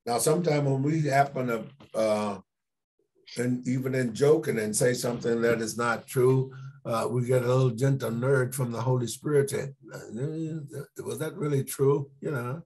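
A man pastor teaching a church Sunday school class, unhurried, repeating key words for emphasis and putting questions to the class. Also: medium pitch, steady tone, a little mellow, breathy edge.

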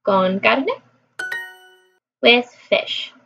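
A woman's voice: on the high side, sing-song, very slow, creaky, bright, forceful tone, faint music behind. A woman vlogging her language practice in casual chat, repeating phrases aloud to her viewers. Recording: dull lo-fi recording.

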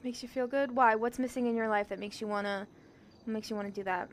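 Gentle questioning young woman. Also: on the high side, fairly even intonation, fast. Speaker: streamer playing a role-play character. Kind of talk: casual role-play chat.

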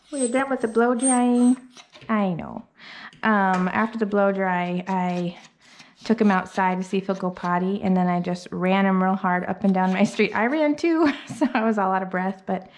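A young woman with a mid-range, somewhat dark voice narrates a casual grooming vlog, chatting through her steps and slipping into baby-talk to coo at the dog. She's in a grooming room where a hair dryer and electric clippers are running, and their noise sits behind her voice on the camera mic set up in the room.

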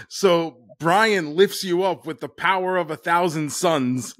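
A man telling a story in casual chat as a podcast guest, deadpan and often laughing. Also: a little high, extremely slow, pauses often, no echo.

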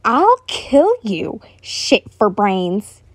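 A woman's voice: medium pitch, very animated, very slow, no room sound, exaggerated voice. Woman doing a furious young king. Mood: angry snarling. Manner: snarling, yelling insults. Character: hot-tempered young male king, foul-mouthed.

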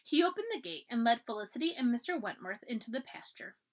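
A woman reading a children's storybook aloud for a library, with expressive, animated narration. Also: a little high, fast talker.

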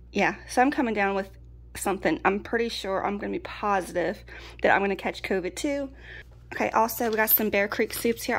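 Chatty woman vlogger. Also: medium pitch. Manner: chatty, folksy, laughs often. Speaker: prepping vlogger. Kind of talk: casual pantry haul chat.

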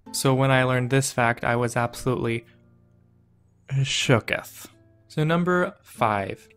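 A man's voice: medium pitch, clear, resonant tone. A man casually teaching grammar in a playful, self-mocking way. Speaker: language teacher. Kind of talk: casual educational video.

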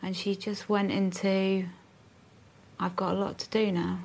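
A woman's voice: mid-range voice, little pitch movement, measured pace, vocal fry, a little mellow. A woman in a documentary interview, steadily recounting events in a matter-of-fact way. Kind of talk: emotional interview recollection.

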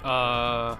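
A young man commentating his own game play, excitable and quick to laugh, yelping when surprised. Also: medium pitch. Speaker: gaming YouTuber.

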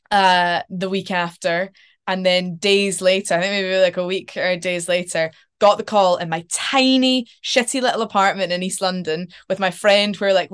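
An actress chatting as a podcast guest, animated and storytelling, with casual swearing. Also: female voice, fairly low pitch, smooth. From Scotland. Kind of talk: casual interview chat.

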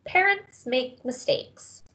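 A woman voicing a tender, apologetic mother who speaks in hushed tones, in a storybook reading. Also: high voice, animated, slow, voice pushed up, full character voice. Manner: whispering, tender.

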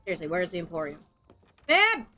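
A woman's voice: a little high, expressive, fairly quick, a bit bright, faint music behind. A woman chatting casually and rambling while playing a game with a friend. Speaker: gaming streamer. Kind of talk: casual gameplay chat.

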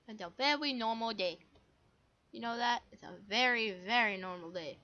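A woman's voice: a little high, moderate pace, sharp tone, muffled recording. A woman giving casual, goofy commentary while playing a game, full of silly sound effects. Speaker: gamer.

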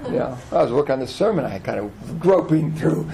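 A man preaching a sermon as pastor of a church, animated, often asking the congregation questions. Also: mid-range voice, a little fast, vocal fry, heavy background noise. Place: church hall.

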